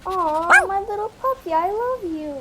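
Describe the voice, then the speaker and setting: A woman's voice: extremely high pitch, expressive, a little slow, noisy background. A woman voicing a chatty adult woman doll at the beach for a toy play video, talking to herself with little sighs. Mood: doting.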